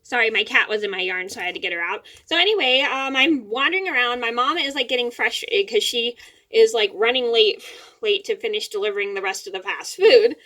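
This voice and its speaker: Rambling young woman with bright voice. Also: a little high. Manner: rambling, repeats words, quick apologies. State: a little teary-eyed. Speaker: vlogger. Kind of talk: casual storytelling to camera.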